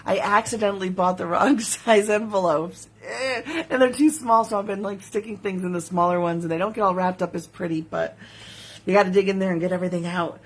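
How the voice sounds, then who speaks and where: A jewelry maker hosts a casual live sales stream from her home studio, speaking briskly in a mid-range voice. She chats, giggles, and reads viewer comments out loud.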